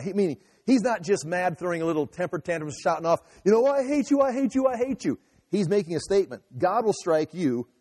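A man's voice: a little high, dark tone, slightly rough, long reverb tail. A man giving an emphatic sermon, often restarting and repeating phrases as he teaches. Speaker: pastor.

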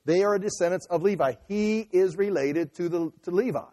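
A male pastor teaches through a passage in a loose, conversational sermon, full of restarts and asides. His voice sits a little high but sounds mellow and dark. The sound rings with long reverb through a large hall. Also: normal speed. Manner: conversational, restarts and asides while explaining scripture. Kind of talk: expository sermon.

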